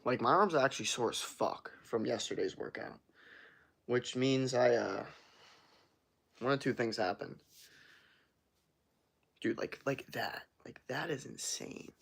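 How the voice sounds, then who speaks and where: A young man chatting casually on a morning livestream, loose and rambling, swearing often, with a rough morning voice. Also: medium pitch, a little slow, pauses often, fairly bright tone. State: morning voice, sore from workout. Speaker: streamer.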